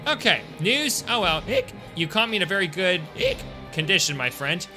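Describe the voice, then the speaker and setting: A man's voice: sits high, sing-song, moderate pace, over music, pitched above the performer's own voice. A man voicing a boastful drunk male soldier in a video game, slurring and hiccuping. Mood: tipsy, boastful.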